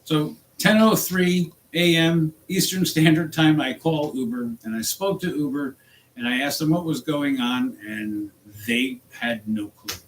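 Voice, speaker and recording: An angry man from the United States ranting in a vlog about his work as a rideshare driver, exasperated and jumping in pitch. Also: a little slow, slight background noise, poor audio. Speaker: rideshare driver and channel host.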